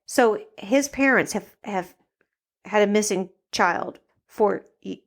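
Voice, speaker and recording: A woman's voice: medium pitch, slow, vocal fry. A young adult woman co-hosting a podcast in casual chat, blunt and incredulous, swearing freely. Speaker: podcast co-host.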